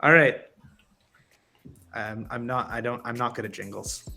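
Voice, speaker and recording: A man's voice: mid-range voice, measured pace, vocal fry, sharp tone, soft background music. A man co-hosting a casual talk show, joking and laughing often as he reacts to comments. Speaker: co-host. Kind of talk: casual podcast chat.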